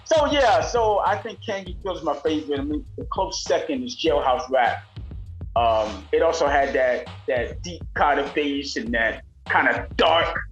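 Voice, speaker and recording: An older man, a rapper being interviewed, telling animated stories and mimicking voices in casual talk. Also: a little high, a little slow, lo-fi sound. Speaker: rapper guest. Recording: roomy sound with faint music.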